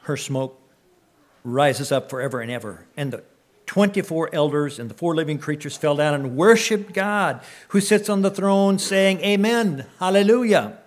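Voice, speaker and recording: A man giving a sermon, reading scripture slowly and swelling on words of praise, then adding casual comments and often clearing his throat. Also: a little high. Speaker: preacher.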